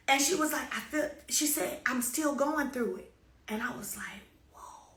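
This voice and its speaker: A woman's voice: high voice, animated, normal speed, sharp tone, roomy sound. A woman shares a personal story with her followers in an emphatic, repetitive way, with sudden bursts of energy. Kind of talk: casual spoken testimony to followers.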